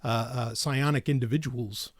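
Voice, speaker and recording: A man's voice: medium pitch, steady tone, no room sound, studio quality. A man co-hosting a podcast in casual chat, rambling and restarting his sentences, often breaking into laughter. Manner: rambling, self-interrupting, quick to laugh. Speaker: podcast co-host. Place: studio.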